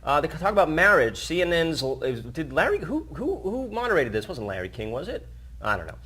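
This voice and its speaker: A man's voice: fairly high pitch, very animated, fairly quick, bright, forceful tone, breathy edge. Rambling, joking male news co-host. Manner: rambling and jokey, with many fillers and restarts. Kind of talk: casual news chat.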